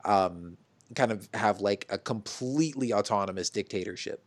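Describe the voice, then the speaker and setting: A man's voice: lowish voice, moderate pace, no echo. A man in a casual watch-along chat, loose and full of likes and fillers.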